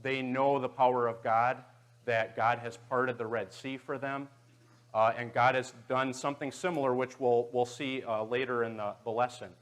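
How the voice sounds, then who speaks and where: A man's voice: medium pitch, level tone, moderate pace. A man leading a Bible class in a church auditorium, guiding volunteers and checking in often with "okay" and "right.".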